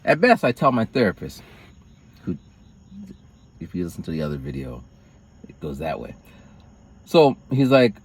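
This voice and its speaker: A man's voice: low voice, normal speed, long pauses, breathy edge. A man telling a personal story in a rambling vlog, acting out other people's lines with big swings of voice. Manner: rambling, animated, acts out quoted lines in raised voices. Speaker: vlogger.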